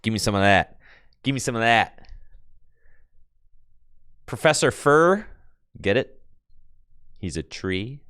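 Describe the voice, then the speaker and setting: Lively low-voiced male streamer. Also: slow pace, long pauses, clean tone, dry recording, clean studio sound. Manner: excitable, slangy, talks to chat, bursts of laughter. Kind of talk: casual live-stream chat while playing a card game.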